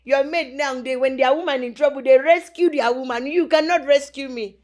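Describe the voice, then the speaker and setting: A woman's voice: high-pitched, a little fast, darkish tone, close to an everyday voice. A woman playing a weary Nigerian trader. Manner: complaining, weary, sighing. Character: stressed woman trader in debt.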